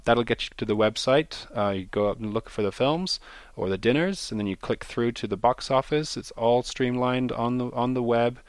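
A man's voice: medium pitch, clean tone, no room sound. A man speaking as a festival organizer in a radio interview, enthusiastic and often repeating words as he searches for them. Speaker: film festival organizer, guest.

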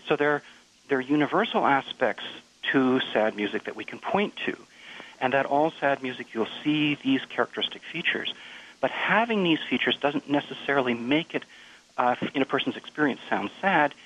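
Man, professor, gravelly voice, thoughtful halting explanations, muffled radio sound. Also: medium pitch, a bit bright. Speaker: music researcher, interview guest. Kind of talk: explanatory interview answers.

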